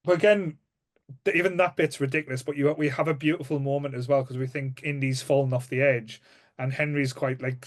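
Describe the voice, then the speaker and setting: Rambling Northern English podcast co-host. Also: male voice, a little high. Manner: rambling, jokey, full of fillers. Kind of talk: casual chat.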